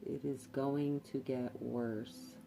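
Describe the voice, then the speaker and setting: Very low-voiced, slow woman reading tarot. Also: flat delivery, creaky. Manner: hesitant, repeats words, many fillers. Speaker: tarot card reader. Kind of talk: intuitive tarot reading to camera.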